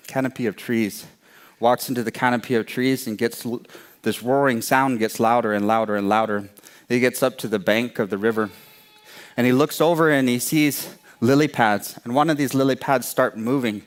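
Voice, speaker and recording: A male storyteller telling a traditional story aloud with slow, repetitive phrasing. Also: medium pitch. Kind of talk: oral storytelling.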